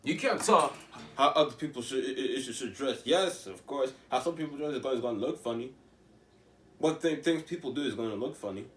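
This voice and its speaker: A man's voice: mid-range voice, animated, a little fast, far from the mic, a little hiss or hum. Rambling teenage boy in an echoey room. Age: teens. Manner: rambling, restarts often, emphatic rhetorical questions. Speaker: vlogger. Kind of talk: casual monologue to camera.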